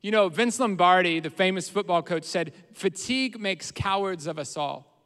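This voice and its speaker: High-voiced preaching man in a hall. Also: normal speed, fairly bright tone. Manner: earnest preaching, rises in volume on quoted prayers. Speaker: pastor. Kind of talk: sermon. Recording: roomy hall reverb.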